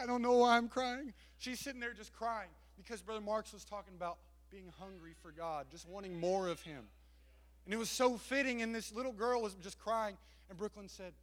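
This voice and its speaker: High-voiced man preaching in echoing hall. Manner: builds from quiet storytelling to shouting. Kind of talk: Pentecostal sermon. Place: church sanctuary. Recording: long church hall reverb.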